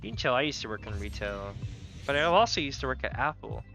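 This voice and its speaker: A man's voice: mid-range voice, expressive, fast, creaky, pushed and bright, soft background music. A man streaming a game live, chatting casually and telling rambling stories with jokey asides. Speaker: gaming streamer. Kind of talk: casual livestream chat while gaming.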